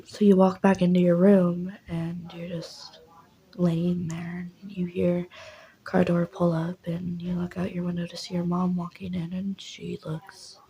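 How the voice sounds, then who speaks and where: A woman's voice: on the low side, monotone, a little slow, warm tone, poor audio. A young woman rambling through a second-person story with many fillers, in whispered role-play.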